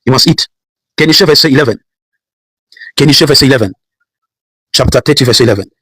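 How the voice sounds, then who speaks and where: This male pastor speaks fast at a medium pitch, his voice pushed, bright, and a little breathy. Preaching with repetition and mounting emphasis, he calls out Bible verses, captured in a dry, low-quality recording.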